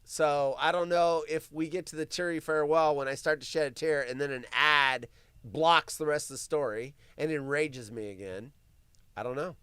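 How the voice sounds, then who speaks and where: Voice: mid-range voice, steady tone, moderate pace, a bit bright, clean tone, no room sound, studio quality. A live stream host doing solo commentary, ranting with profanity, mocking asides and laughter while reading the news aloud.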